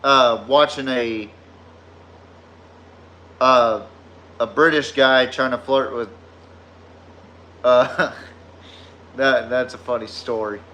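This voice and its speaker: A man's voice: mid-range voice, fairly even intonation, very slow, long pauses, sharp tone, lo-fi sound. A man with a Southern US drawl hosting a casual sports podcast, telling rambling, profane stories. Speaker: podcast host.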